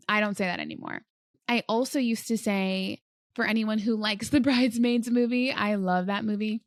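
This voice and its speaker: A woman's voice: medium pitch, no room sound, studio quality. A woman hosting a solo podcast, talking casually and earnestly about manifesting, with many filler words. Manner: chatty, frequent "like" fillers, earnest. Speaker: podcast host.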